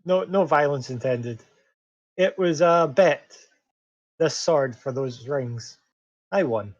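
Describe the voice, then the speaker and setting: A man voicing a calm, wry male adventurer, on a dull lo-fi mic. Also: on the high side, slow. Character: laid-back male adventurer with a prized sword.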